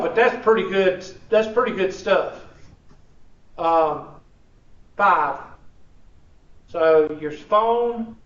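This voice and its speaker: A man's voice: high-pitched, fairly bright tone. A man, teaching a college class in a casual, joking way. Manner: casual, joking, drawling with y'all. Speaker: college instructor. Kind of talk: classroom instruction. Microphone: room recording from a distance. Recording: echoey, distant, dull classroom recording.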